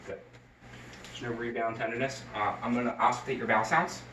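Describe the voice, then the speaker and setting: In this narrated clinical skills demonstration, a man who is a nursing student talks through each step of a head-to-toe health assessment, often using fillers and starting over. He speaks at medium pitch with little pitch movement, a bit quickly, in a sharp tone. Recorded on a distant mic, it sounds roomy and carries slight background noise.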